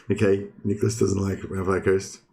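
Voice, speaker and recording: Low-voiced man streaming a game. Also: vocal fry, darkish tone. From Australia. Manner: chatty, thinking aloud with many ums. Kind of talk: casual co-op gameplay commentary. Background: game music.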